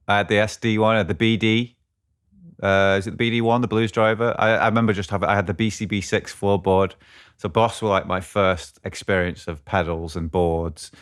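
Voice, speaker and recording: A man co-hosting a podcast, chatting casually about guitar gear and often thinking aloud as he searches for words. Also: low voice. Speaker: podcast co-host.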